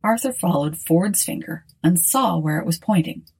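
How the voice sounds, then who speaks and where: A woman narrating an audiobook in a wry, expressive storytelling manner. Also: fairly low pitch, normal speed, gravelly, slightly rough.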